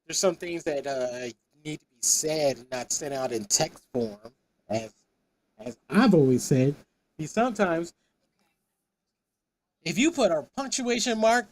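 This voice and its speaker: High-voiced rambling male streamer. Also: a little mellow. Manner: rambling, repeats words, laughs often. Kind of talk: casual stream chat.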